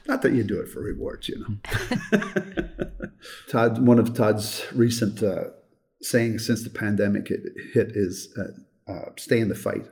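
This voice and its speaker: A man's voice: on the low side, expressive, slow, vocal fry, pauses often, darkish tone. An older man who directs a children's home, telling a heartfelt story in an interview with earnest repetition.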